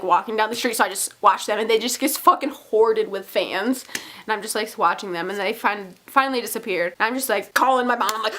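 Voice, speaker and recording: A young woman vlogger telling a story in a casual, excitable way, with lots of swearing and fillers. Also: a little high, slight background noise.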